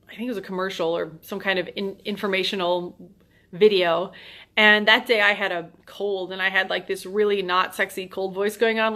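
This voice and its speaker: A woman's voice: medium pitch, a bit bright. A woman in her thirties hosting a solo podcast, talking in a chatty, self-deprecating way and acting out little quoted thoughts. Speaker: podcast host. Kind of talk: casual solo podcast monologue.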